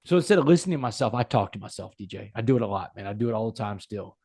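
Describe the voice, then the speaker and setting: A man's voice: fairly low pitch, expressive, very fast, dark tone, breathy edge, no room sound, clean studio sound. A man, a podcast guest, telling a personal story in an earnest, emphatic way. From United States.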